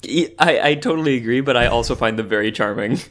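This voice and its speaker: Male podcast co-host, chatty storyteller, fillers galore, mid-pitched voice. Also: fast talker. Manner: rambling, animated storytelling with frequent fillers and laughs. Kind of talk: casual chat.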